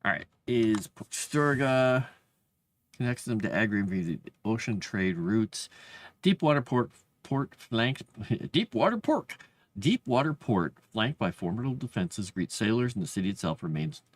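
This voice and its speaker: A man's voice: fairly low pitch, animated, unhurried. A man streaming live as he writes fantasy lore, chatting casually and rambling, and reading his drafts aloud under his breath.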